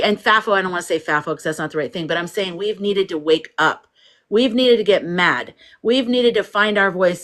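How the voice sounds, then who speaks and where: A woman with a somewhat low voice hosts a casual livestream. She chats freely, reads viewer comments aloud and laughs often. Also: a bit bright. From United States. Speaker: livestream host.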